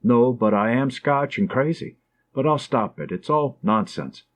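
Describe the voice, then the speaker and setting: A man reading an audiobook, voicing a tender and anxious young woman in a soft, affectionate way. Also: medium pitch, expressive, a little slow, lightly acted. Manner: soft, affectionate, gently teasing.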